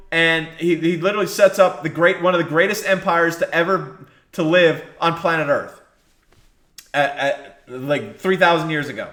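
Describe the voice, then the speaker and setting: A man's voice: high voice, a bit bright, reverberant. A man preaching a sermon, exhorting his listeners and repeating key phrases for emphasis.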